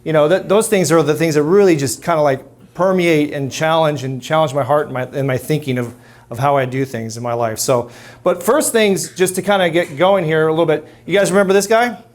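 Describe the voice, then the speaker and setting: A middle-aged man talks to a live audience in a loose, self-deprecating way. His voice sits a little high for a man, and he often restarts his sentences and fills the gaps with "um" and "you know." He keeps turning to the room with questions. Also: fairly quick. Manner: conversational, self-deprecating, many restarts and fillers. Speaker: speaker at a men's ministry talk. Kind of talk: casual talk to a live audience.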